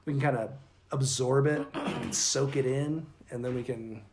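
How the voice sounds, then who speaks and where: A man's voice: mid-range voice, normal speed, gravelly, a little hiss or hum. A man co-hosting a podcast with his wife, bantering playfully and joking in casual chat. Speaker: podcast co-host.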